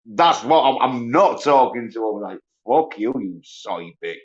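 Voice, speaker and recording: A man ranting profanely on a solo livestream, mocking others in high whiny voices. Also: big pitch swings, measured pace. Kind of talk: angry solo livestream rant. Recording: dull lo-fi stream audio.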